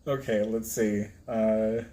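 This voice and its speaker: A man's voice: lowish voice, fairly even intonation, slow, mellow. A man hosting a casual live stream, flustered as he stumbles over hard pronunciations and laughs at himself. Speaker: livestream host reading a book.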